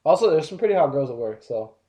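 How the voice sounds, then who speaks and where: Young man, lively pitch, swears a lot, laughs through his stories, casual podcast banter. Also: fast. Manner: laughs often, swears, animated storytelling. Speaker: podcast host. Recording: echoey room, audio-only podcast.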